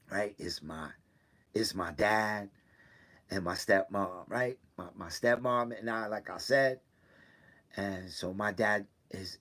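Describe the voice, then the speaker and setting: A man talking to his regular viewers, hurt and close to tears, halting and repeating himself between sighs. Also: on the low side, fairly bright tone. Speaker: weekly video host. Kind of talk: personal confessional talk. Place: indoors in a room.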